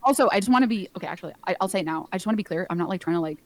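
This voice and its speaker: A woman streamer debating on a call, rushing through her points with quick restarts. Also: lowish voice, lively intonation, no room sound. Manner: rapid, hesitant restarts.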